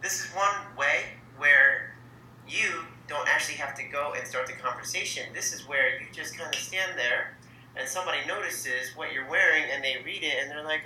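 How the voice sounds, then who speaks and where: A man with a very bright, forward voice, talking through a training lesson as its host. He coaches in an upbeat way and plays out little sample conversations. The room is echoey, with a faint hum of ambience behind him. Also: a little high, normal speed. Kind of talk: instructional talk to camera.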